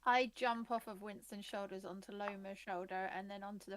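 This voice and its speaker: A woman playing a tabletop game, describing her character in a lively, playful way. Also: medium pitch, a little fast, very noisy. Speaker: player. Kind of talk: casual tabletop play.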